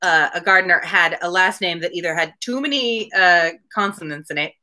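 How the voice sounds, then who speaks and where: A woman's voice: on the low side, brisk, sharp tone. A woman hosting a read-aloud, chatting casually with a laugh between passages. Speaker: host reading aloud. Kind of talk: casual chat between readings.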